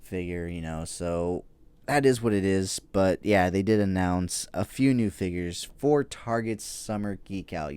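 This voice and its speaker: A man's voice: deep voice, animated, moderate pace, warm tone, clear, resonant tone, no room sound. A man hosting a toy news podcast, chatting casually and rambling with frequent fillers and casual swearing. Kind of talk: casual solo podcast chat.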